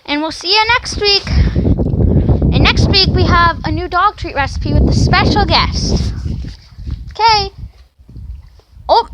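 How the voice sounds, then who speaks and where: A woman's voice: very high voice, background noise. A woman demonstrating dog tricks on her channel, explaining each step and coaxing her dog with repeated commands. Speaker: dog trainer vlogger. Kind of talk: casual training demonstration.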